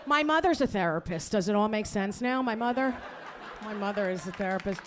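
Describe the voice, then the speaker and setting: A woman's voice: mid-range voice, animated, a little fast, noisy background. A woman comedian doing a stand-up set on a comedy club stage, brash and crude as she teases the crowd into a handheld mic.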